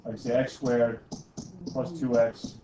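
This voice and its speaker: A man's voice: mid-range voice, little pitch movement, a little slow, distant mic, crowd noise. Teasing male math teacher, echoey classroom. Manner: teasing, constantly checking in with "okay?" and "right?". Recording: echoey, dull classroom recording from afar.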